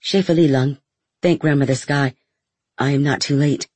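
A man's voice: a little high, steady tone, moderate pace, darkish tone, slightly rough. A man voicing an exhausted, apologetic young brother. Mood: earnest.

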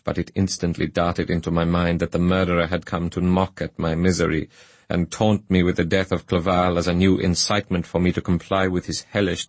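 A man's voice: deep voice, dry recording. A man reading a classic novel aloud as solemn, earnest first-person narration. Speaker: audiobook narrator.

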